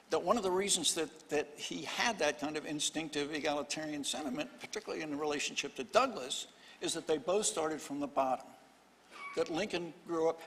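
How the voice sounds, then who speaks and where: An older historian on a panel speaks slightly high for a man, telling a story in stop-start phrases with dry humor. The live hall gives his voice a long, trailing reverb. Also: a bit bright, slight background noise. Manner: halting, many restarts, wry storytelling. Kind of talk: panel discussion.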